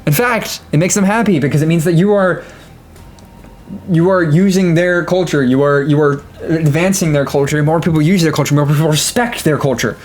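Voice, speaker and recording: A man's voice: fairly high pitch, fairly quick. A young man ranting casually to his viewers, full of fillers, restarts and laughing asides. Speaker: gaming video creator. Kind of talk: casual rant to camera.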